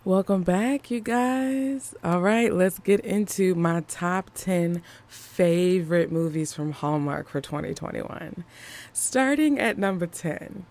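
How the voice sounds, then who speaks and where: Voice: mid-range voice, measured pace, gravelly, darkish tone. A movie reviewer talking casually to viewers in a chatty, emphatic way, often repeating phrases for effect. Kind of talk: casual video commentary.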